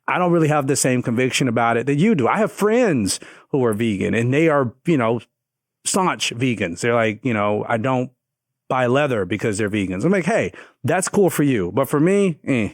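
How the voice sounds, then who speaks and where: A man's voice: medium pitch, very animated, normal speed, no room sound, studio quality. Een man die als co-host van een podcast ontspannen praat, grapt en tussendoor reageert. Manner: joking, laid-back interjections. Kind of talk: casual banter.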